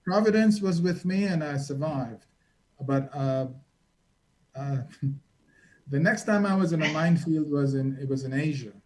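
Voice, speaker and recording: A man's voice: a little high, unhurried, long pauses, darkish tone, rough recording. A man, a reporter and guest, telling vivid stories from his travels in a dramatic, conversational way. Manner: vivid, dramatic storyteller acting out quotes. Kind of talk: storytelling in a conversation.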